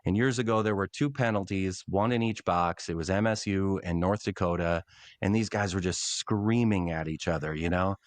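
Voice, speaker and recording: A middle-aged man, a longtime public address announcer, telling animated stories in a casual podcast interview. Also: low voice, normal speed, no echo. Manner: animated storyteller, acts out quotes.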